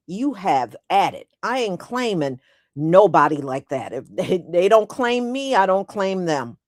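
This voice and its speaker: Woman host, live-stream commentary; blunt, repetitive, unhurried delivery. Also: lowish voice, big pitch swings, no echo, clean studio sound. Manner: blunt, emphatic, repeats points.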